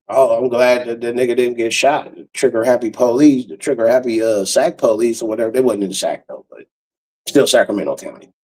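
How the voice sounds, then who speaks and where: Profane storytelling man, mellow voice. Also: mid-range voice, poor audio. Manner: profane, animated, acts out voices of others. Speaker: comedian telling a story. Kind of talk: casual storytelling monologue.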